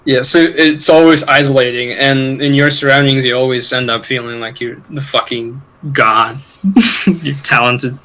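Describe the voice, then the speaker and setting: Guy rambling on a podcast, bright voice, swears a lot, laughs a bunch. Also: mid-range voice, steady tone, unhurried, low-quality recording. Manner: rambling, profane, laughs often. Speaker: podcast co-host. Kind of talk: casual chat.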